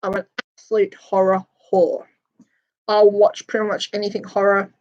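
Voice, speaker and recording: A woman's voice: medium pitch, monotone, moderate pace, a little mellow, muffled recording. A woman hosting a casual chat with viewers, talking in crude, sweary, giggly banter. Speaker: host chatting with viewers.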